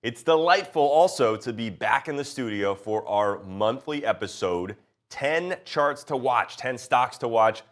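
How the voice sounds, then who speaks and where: A man's voice: lowish voice, normal speed, hardly any pauses. A man hosting a studio market talk show, sounding congested and nasal from a cold, upbeat and folksy as he walks through charts. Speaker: show host. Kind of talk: casual market chat.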